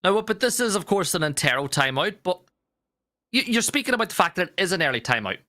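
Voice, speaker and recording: A man with an Irish accent calling live esports play-by-play in a brisk, conversational way. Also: high-pitched, sing-song, bright, forceful tone, no room sound, studio quality. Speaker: esports caster.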